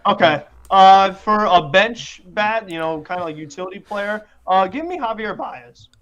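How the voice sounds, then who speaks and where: A man hosting a casual sports roundtable, excitable and quick to react. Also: sits high, dull audio.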